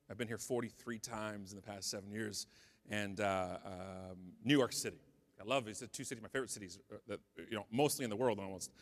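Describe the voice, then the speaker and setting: A Canadian man giving a comedic keynote talk, telling a story with animated, mock-angry outbursts in a large conference hall. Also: medium pitch. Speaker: keynote speaker.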